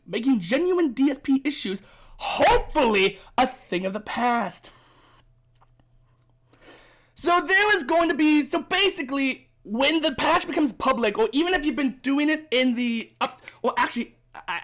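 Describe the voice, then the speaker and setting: Young male gaming creator, very high and animated voice, gushes and rambles like a fan. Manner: enthusiastic, rambling, fanboying with frequent restarts. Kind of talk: excited game update commentary.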